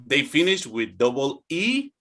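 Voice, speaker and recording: A man's voice: mid-range voice, big pitch swings, unhurried, pushed and bright. A man teaching English numbers, patiently drilling students and checking in with them often. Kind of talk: online English pronunciation lesson.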